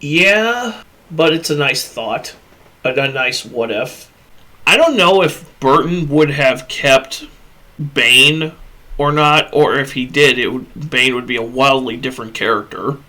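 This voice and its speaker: A man hosting a laid-back movie discussion, and his voice comes across bright and forceful. He rants bluntly with plenty of swearing, recorded close on a USB podcast microphone. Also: medium pitch, a little slow. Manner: blunt, profane ranting. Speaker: podcast host.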